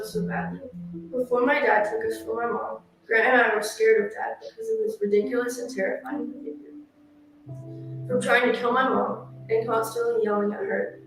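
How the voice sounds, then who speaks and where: A woman narrating for a true-crime channel, reading a written statement aloud in a steady, earnest way. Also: a little high, gravelly. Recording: echoey and distant, music behind. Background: music.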